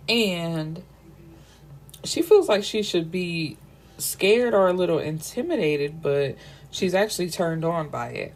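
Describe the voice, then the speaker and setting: Young woman gabbing about a book, slangy, lowish voice. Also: animated, slow pace. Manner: chatty, giggly asides, slangy. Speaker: book review host. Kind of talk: casual book review chat.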